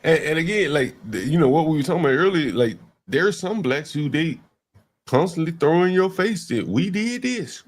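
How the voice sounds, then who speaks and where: A man's voice: fairly high pitch, sing-song, moderate pace. A man hosting a casual livestream chat, talking emphatically and repeating words to stress his point. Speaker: livestream host.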